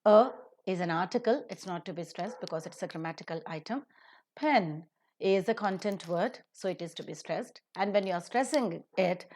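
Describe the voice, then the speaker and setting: A woman teaching pronunciation in a recorded lecture, slowing down to stress example sentences. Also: fairly low pitch, a little mellow.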